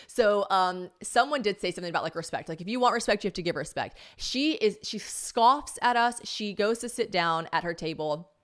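Animated woman podcast host. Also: medium pitch, brisk, few pauses. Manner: animated, dramatic retelling with quoted voices. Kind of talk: casual storytelling podcast.

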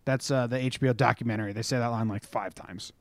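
A young man co-hosting a podcast in casual sports chat, talking in an animated, storytelling way and swearing freely. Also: mid-range voice, fast talker, no room sound. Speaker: podcast co-host.

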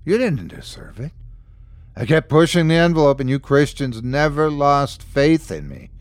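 A man's voice: a little high, very animated, normal speed, dry recording. A man voicing a remorseful, frightened man who claims to be God, confessing and pleading in a horror story.

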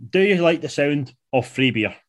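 A man hosting a casual football chat, laid-back and chatty with quick asides. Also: fairly high pitch, lively intonation. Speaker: podcast host.

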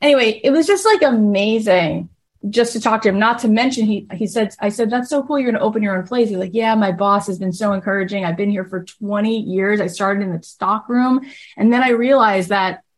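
A woman hosting a podcast, telling a casual story in a chatty, animated way and acting out the other people in it. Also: medium pitch, fairly quick. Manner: chatty, animated, acts out quoted voices. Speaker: podcast host.

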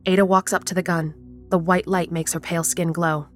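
A woman narrating a horror story in a measured, even storytelling manner. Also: fairly low pitch, soft background music.

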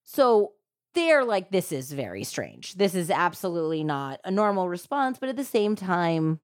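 A woman hosting a true crime podcast, retelling a case in a casual, animated way with lots of "like" fillers. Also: fairly low pitch, moderate pace, no echo, studio quality. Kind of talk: casual storytelling chat.

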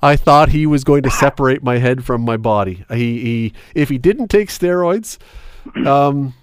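A man's voice: mid-range voice, expressive, a little slow, clean tone, no echo, studio quality. A man hosting a podcast, telling anecdotes in casual chat and laughing often. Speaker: podcast host.

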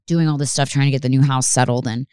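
A woman's voice: a bass voice, fairly even intonation, fast, a little mellow, smooth, dry recording, clean studio sound. A young woman hosting her own podcast, rambling and swearing casually with lots of fillers and restarts. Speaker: podcast host. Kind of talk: casual solo podcast chat.

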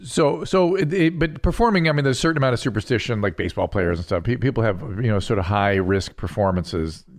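A man with a low voice hosts a casual podcast as a doctor. He explains ideas in a measured, calm way and then needles his guest with short jokes. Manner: explains calmly, then teases with quick quips.

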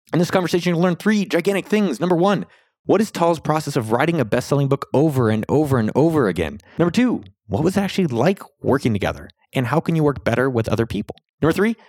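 A man hosting a podcast, talking in an upbeat, excitable, salesy way, then chatting casually with his guest. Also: dry recording, clean studio sound. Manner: upbeat, salesy, excitable delivery with sudden pitch jumps. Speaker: podcast host. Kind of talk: energetic podcast intro and casual interview.

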